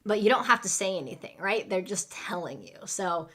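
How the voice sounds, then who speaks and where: A woman teaching English in a live online class, speaking slowly and clearly and acting out restaurant phrases for learners to repeat. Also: fairly low pitch, lively intonation, a bit bright. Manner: slow, clear teaching delivery with role-play lines.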